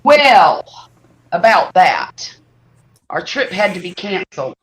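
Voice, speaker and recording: Middle-aged woman, chatty livestream host who tells stories with lively exaggeration. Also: lowish voice, slow pace, a little hiss or hum. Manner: animated, exaggerating storyteller. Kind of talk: casual storytelling chat.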